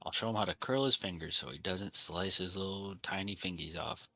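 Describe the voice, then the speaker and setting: A man joking through a tabletop game, his low voice edged very bright and forceful. The recording is dry and close. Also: brisk, dry recording. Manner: joking, playful. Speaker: player. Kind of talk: casual tabletop play.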